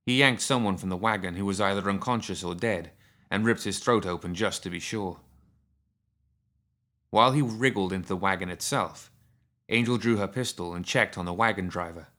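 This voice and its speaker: A man reading a story aloud as narrator, in a steady, measured way. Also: low-pitched.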